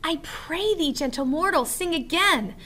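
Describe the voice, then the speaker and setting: A woman's voice: extremely high pitch, animated, measured pace, pushed and bright, slight background noise, voice pushed up, full character voice. A woman reading as an adoring fairy queen. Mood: enamored.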